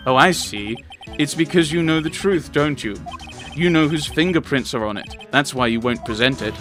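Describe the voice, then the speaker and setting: A man's voice: a little high, lively intonation, normal speed, few pauses. Guy reading out a courtroom game, voice jumps all over, music playing under him. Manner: reads characters' lines aloud in his own voice, exasperated rants. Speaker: let's player. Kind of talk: commentary while reading game dialogue aloud.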